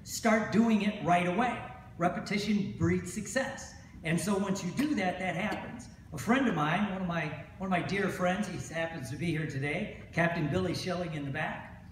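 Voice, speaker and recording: A man's voice: sits high, moderate pace, slight background noise. A middle-aged man giving a motivational talk to hypnosis instructors at a convention, telling stories and asking "right?" again and again. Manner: storytelling, repeats phrases, asks "right?". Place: large convention hall. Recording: echoey hall recorded from far off.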